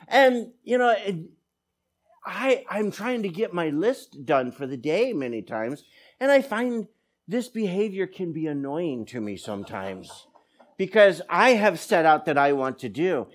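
A man's voice: sits high, a little slow. A middle-aged man preaching a sermon as pastor, telling stories with quoted dialogue. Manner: animated storytelling with quoted dialogue.

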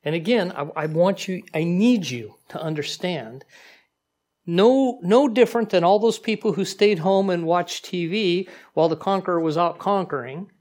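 A man preaching a sermon in a conversational, animated way, with frequent asides to the congregation. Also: sits high, normal speed. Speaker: pastor.

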